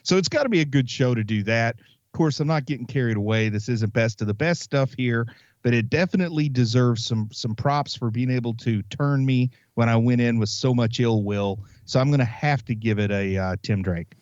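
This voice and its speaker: Male podcast co-host, playful storyteller, mid-pitched, slightly dull dry sound. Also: brisk, a little mellow, no room sound. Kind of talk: casual chat.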